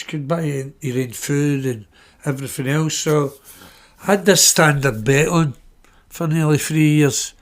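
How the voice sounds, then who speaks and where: A middle-aged man with a Glaswegian Scottish accent, telling personal stories on his podcast in a blunt, swearing way and acting out the dialogue. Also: a little high. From Glasgow, Scotland. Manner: blunt, swears freely, acts out quoted dialogue. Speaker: podcast host. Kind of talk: personal anecdote storytelling.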